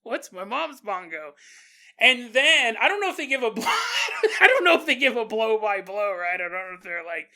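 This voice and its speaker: A podcast host, a man with a high, bright, ringing voice, retells a paranormal tale as comedy. His pitch swings widely as he laughs and puts on mock voices for the people in the story. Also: big pitch swings, moderate pace.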